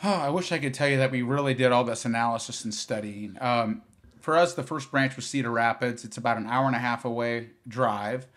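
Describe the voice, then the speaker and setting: A man, a business founder from Iowa, talking as a podcast guest in a relaxed, rambling way with many fillers and restarts. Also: medium pitch, brisk. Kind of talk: podcast interview.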